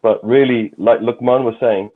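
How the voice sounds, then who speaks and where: A man's voice: medium pitch, steady tone, normal speed. A man, a guest on a football fan livestream, speaking courteously and repeating words as he goes. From London. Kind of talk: casual livestream chat. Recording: tinny phone-like call audio.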